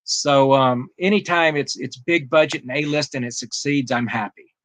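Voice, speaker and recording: Man, guest author, earnest, measured, mid-pitched, dry sound. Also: fairly bright tone, no room sound. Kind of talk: interview conversation.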